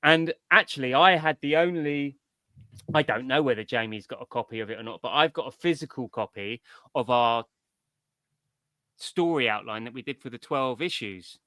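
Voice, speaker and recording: A man's voice: medium pitch, normal speed, pushed and bright, dry recording. A middle-aged man, a comics writer, in a casual interview, telling his story in a rambling, digressive way.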